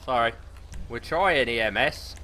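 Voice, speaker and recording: A man with a British accent commentating on his gameplay, excitable, swearing a lot and laughing often. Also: medium pitch, a little slow, slight background noise. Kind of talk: casual let's play commentary.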